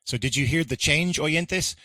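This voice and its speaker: A man co-hosting an English lesson podcast, explaining grammar deliberately and leading pronunciation drills. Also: fairly high pitch, bright, forceful tone, no echo. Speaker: podcast co-host and English teacher.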